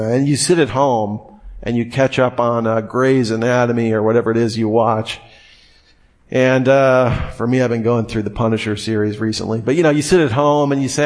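A young man delivers a sermon in a relaxed, conversational way, voice at an ordinary middle pitch. He keeps turning to the listeners with questions and slips into the imagined inner voices of reluctant churchgoers. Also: moderate pace. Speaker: preacher.

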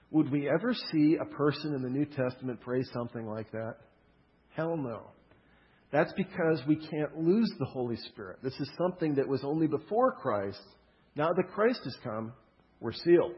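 A man's voice: on the high side, normal speed. A man preaching a sermon in a loose, conversational way, often checking in with the audience. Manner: casual, energetic preaching with frequent "okay?" check-ins. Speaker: pastor. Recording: dull sound with long hall reverb.

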